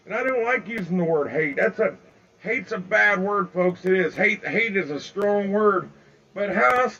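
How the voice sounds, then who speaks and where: Angry older man ranting, gravelly voice. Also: high voice, a bit bright, a little hiss or hum, rough recording. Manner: heated, repetitive, keeps calling out "folks". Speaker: livestreamer. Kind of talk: angry live-video rant. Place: outdoors in bright sun.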